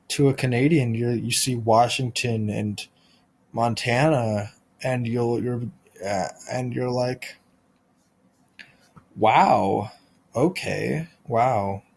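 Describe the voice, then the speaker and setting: A man hosting a podcast, delivering a rambling deadpan comic monologue full of restarts and absurd tangents. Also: mid-range voice. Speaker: podcast host.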